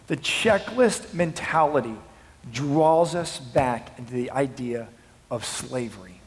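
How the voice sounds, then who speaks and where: Impassioned high-voiced male pastor. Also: measured pace. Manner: swings from hushed to impassioned shouting. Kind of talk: sermon. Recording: long hall reverb.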